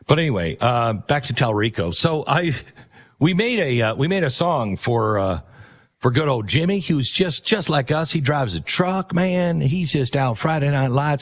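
A man's voice: medium pitch, sing-song, normal speed. A man hosting a comic monologue in a joking, rambling manner. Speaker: comedy host.

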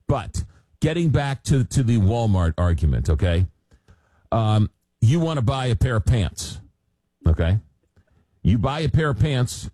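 A man's voice: on the low side, warm tone, no room sound. A man hosting a call-in radio talk show, reading listener messages aloud and stumbling through filler words. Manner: reads listener messages aloud, halting with many uhs.

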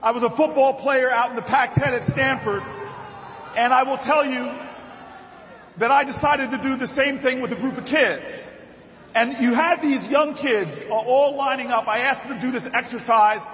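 A middle-aged man, a senator, giving a rousing convention speech, repeating phrases and building to shouted climaxes. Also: very high voice, normal speed, a little hiss or hum. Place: large convention hall, indoors. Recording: dull, reverberant hall sound.

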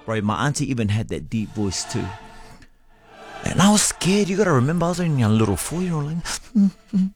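A man co-hosting a casual chat, telling a story in an animated way, laughing often. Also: on the high side, moderate pace, soft background music.

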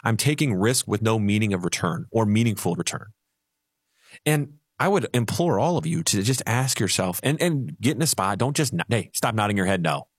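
A man who is a financial advisor on a radio show, telling animated stories and laughing easily. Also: lowish voice, normal speed, breathy edge, dry recording, studio quality. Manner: animated storyteller, acts out little voices, laughs easily.

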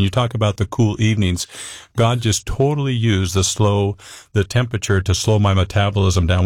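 A man's voice: fairly low pitch, a little mellow, no room sound. A man telling his own story in an interview, easygoing and conversational with wry humor. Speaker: interview guest. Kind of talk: casual personal storytelling.

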